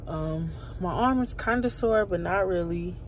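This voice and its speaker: A woman's voice: lowish voice, a little slow, rough recording. A woman, talking casually and dramatically to her viewers in a vlog, sounding tired. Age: 20s. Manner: chatty and dramatic, often calling out to viewers. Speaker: vlogger. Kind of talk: casual vlog talk to camera. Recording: phone video with car noise.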